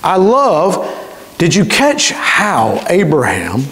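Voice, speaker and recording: A man pastor, preaching a sermon with emphatic delivery and slowly stretched key words. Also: high-pitched, huge pitch swings, fairly bright tone. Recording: reverberant church hall.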